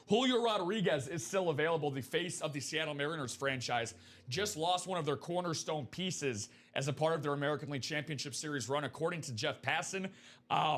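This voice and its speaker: A man hosting a live stream of memorabilia breaks, chatting upbeat and fast as he pitches to viewers. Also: fairly bright tone. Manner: upbeat, chatty, quick patter.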